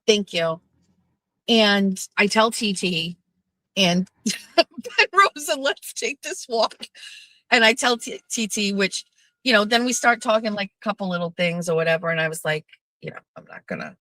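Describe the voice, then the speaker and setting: Bright-voiced profane woman telling a story. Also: medium pitch, no echo, rough recording. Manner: chatty and profane, quoting others in quick back-and-forth. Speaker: host. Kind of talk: casual storytelling monologue.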